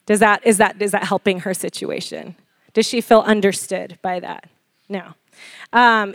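A woman in her forties preaching a sermon, animated and laughing often as she questions the congregation. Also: mid-range voice, measured pace, gravelly, no room sound, studio quality. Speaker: pastor.

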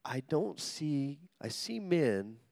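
A man preaching with an animated, swooping delivery, his pitch rising and falling constantly. He tells stories with humor, acts out the voices in them, and keeps pulling the congregation in with call-and-response. The sound is dry and close, with no room ring. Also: slow, vocal fry, dry recording. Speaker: pastor. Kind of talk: sermon.

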